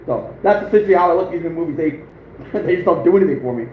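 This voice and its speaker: A man in his thirties rambles through a loose livestream chat, chuckling as he goes. His voice sits high for a man. The sound comes through thin and phone-like, with a roomy echo and a faint hiss. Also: animated, quick pace. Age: 30s. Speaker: outdoors livestream host. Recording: phone-like echoey room with faint noise.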